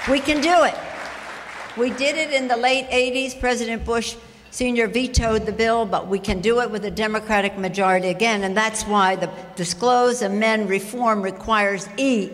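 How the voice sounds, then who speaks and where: A woman's voice: medium pitch, a bit bright. A woman in her seventies, a party leader giving a political speech at a breakfast, with a rallying manner that repeats key phrases. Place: large breakfast hall with a crowd. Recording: long echo of a large hall.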